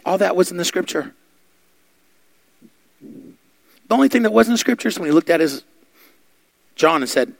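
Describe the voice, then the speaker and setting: A man preaching a sermon, fervent and building to loud exhortation. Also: high voice, expressive, moderate pace, gravelly, pauses often, no echo.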